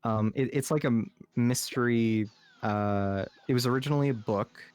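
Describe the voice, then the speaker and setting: Man, slight lisp, general American accent, casual chat, rambling with fillers, medium pitch. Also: moderate pace, a little mellow, clean tone. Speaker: podcast co-host.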